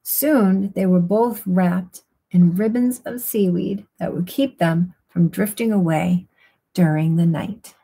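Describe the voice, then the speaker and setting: Woman, bedtime story reader, hushed, soothing, slow, breathy. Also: on the low side. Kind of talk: quiet bedtime story reading.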